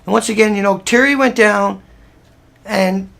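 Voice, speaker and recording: A man with a gravelly voice talks casually over a slideshow of photos. He rambles in a plain, everyday way and often breaks off and restarts his sentences. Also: high-pitched, normal speed, a bit bright. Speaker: presenter walking viewers through photos.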